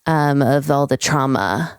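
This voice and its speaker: A woman's voice: extremely low pitch, lively intonation, a little slow, clear, resonant tone, no room sound, clean studio sound. A woman from Canada co-hosting a podcast, joking dryly in casual chat. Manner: wry, joking. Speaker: podcast co-host.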